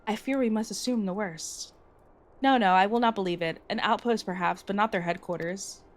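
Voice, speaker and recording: A woman's voice: medium pitch, normal speed, close to an everyday voice. A woman reading aloud the formal speeches of a resolute woman leading an order in a game.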